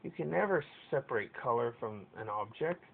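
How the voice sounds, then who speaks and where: A man voicing a stern female pegasus overmare with a rough, authoritative voice. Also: expressive, moderate pace. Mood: explaining. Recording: tinny lo-fi with faint rumble.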